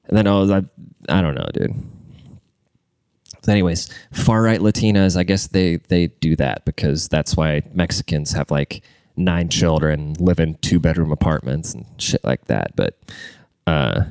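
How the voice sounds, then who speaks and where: A man's voice: a bass voice, measured pace, creaky, darkish tone, smooth, no room sound. A man hosting a show, ranting casually with constant swearing and a congested voice. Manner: crude, rambling, swears constantly. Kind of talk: casual profane rant.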